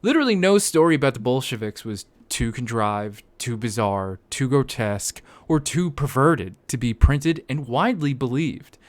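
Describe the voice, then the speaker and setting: A man's voice: medium pitch, animated, normal speed, few pauses. A man co-hosting a casual podcast, rambling and swearing, with many fillers and restarts. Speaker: podcast co-host.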